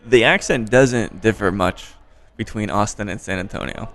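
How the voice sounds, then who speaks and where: A man hosting a podcast interview, relaxed and joking, swearing casually. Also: fairly low pitch, moderate pace. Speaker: podcast host. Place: bar by a window.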